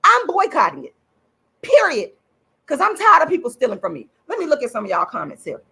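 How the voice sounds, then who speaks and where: A woman's voice: sits high, huge pitch swings, fast talker, gravelly, fairly bright tone, breathy edge. A woman hosting her own channel, ranting angrily on a livestream in a profane, repetitive way, enraged. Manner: furious, profane, repeats points for emphasis. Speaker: channel host and activist. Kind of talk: angry livestream rant.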